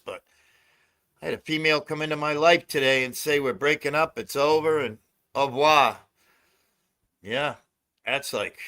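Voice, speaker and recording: A man's voice: a little high, bright, forceful tone. An older man hosting a casual phone livestream, talking loosely with lots of swearing and laughter. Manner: loose, profane, laughs a lot. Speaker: livestream host.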